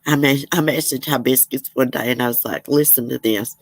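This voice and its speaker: Woman host, low voice, rambling chatty livestream talk, dry close sound. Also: fairly quick, no room sound. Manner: chatty, rambling, laughs often. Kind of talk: casual chat reading viewer comments.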